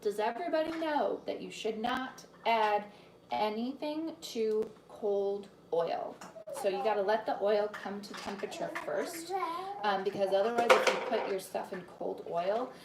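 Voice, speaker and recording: A woman hosts a live cooking demonstration from her home kitchen, chatting easily and greeting viewers by name between steps. She often trails off and restarts her sentences. The room is echoey, with steady noise behind her. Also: medium pitch, measured pace, recorded from a distance. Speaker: cooking demo host and cookbook author.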